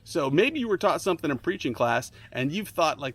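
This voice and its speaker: A man's voice: expressive, normal speed, pauses often, a bit bright. A man giving a casual devotional talk as a ministry speaker, telling a story earnestly with restarts and fillers and pressing his points with emphasis. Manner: emphatic, rising to urgent high points.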